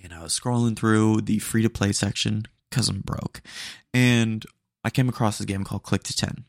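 This is a casual storytelling monologue from a young male podcast host recounting retail experiences, chatty and slangy with lots of fillers. His fairly low, gravelly voice keeps fairly even intonation at a moderate pace, recorded in studio quality without room sound.

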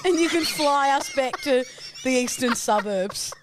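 A woman's voice: high-pitched, expressive, unhurried, a little hiss or hum. A young woman co-hosting a podcast, trading blunt, teasing banter full of swearing. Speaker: podcast co-host. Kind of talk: casual chat.

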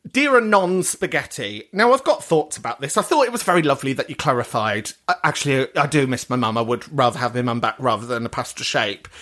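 A man's voice: mid-range voice, expressive, fast, hardly any pauses, fairly bright tone. A man hosting a podcast, replying to listener messages with crude, camp, theatrical chat. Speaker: podcast host.

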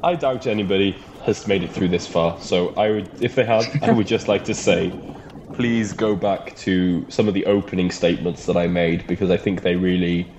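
Low-voiced young man, giggly and rambling. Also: steady tone, normal speed, dull audio, background noise. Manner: giggly, rambling, laughs often. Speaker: podcast co-host. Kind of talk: casual comedic chat.

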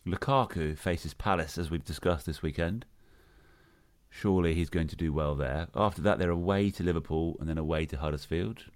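A man hosting a football podcast, brisk and joking as he steers the chat. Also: sits low, dry recording. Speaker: podcast host. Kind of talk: casual chat.

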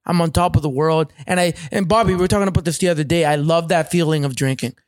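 A Canadian man tells a rowdy story in a high, lively voice, swearing freely and slipping into other people's voices. The sound is close and dry, with no room around him. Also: quick pace, dry recording. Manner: profane, animated, acts out other people's voices. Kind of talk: casual storytelling.

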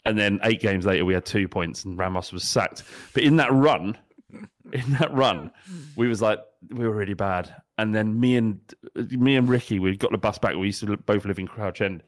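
A man with a lowish voice co-hosts a football podcast. He tells jokey stories and laughs often in easy, casual chat. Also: moderate pace. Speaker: podcast co-host.

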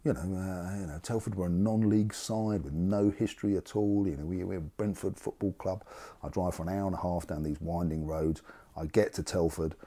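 A man's voice: sits low, steady tone, fairly quick, warm tone. A man, a football fan, telling a story of a bad defeat in a dry, self-mocking way. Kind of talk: wry storytelling.

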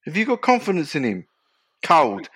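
A man's voice: fairly high pitch, huge pitch swings, moderate pace, a bit bright, husky, no echo. A man co-hosting a casual football podcast, hesitant and wavering as he gives his view. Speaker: podcast co-host. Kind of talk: casual chat.

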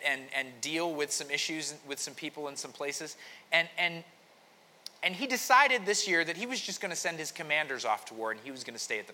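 A man's voice: on the high side, bright, forceful tone. A man preaching a conversational sermon, telling a story with frequent restarts. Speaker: pastor. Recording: long hall reverb.

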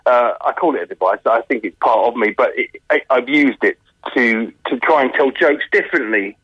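A man, a touring comedian from the UK, chatting in a radio interview over the phone, animated and laughing often. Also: mid-range voice, normal speed, breathy edge, no room sound. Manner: animated, laughs often, slips into mimicked accents. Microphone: telephone. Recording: muffled phone line.

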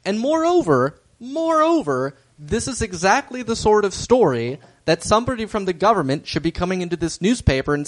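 A man co-hosting a podcast, summarizing a TV episode in relaxed, dry chat. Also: high-pitched. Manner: easygoing, dry, laughs along. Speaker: podcast co-host recapping a TV episode. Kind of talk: casual chat.

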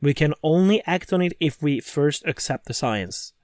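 A man's voice: a little high, lively intonation, normal speed, darkish tone, dry recording, clean studio sound. A man co-hosting a casual podcast chat, talking eagerly and often repeating words as he starts sentences. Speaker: podcast co-host.

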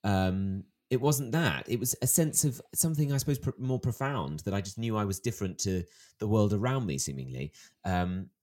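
A man in his thirties, an author being interviewed, telling stories in a lively way and acting out the voices of the people he quotes. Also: on the low side, normal speed. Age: 30s. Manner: animated storyteller, acts out quoted voices. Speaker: author guest. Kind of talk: interview conversation.

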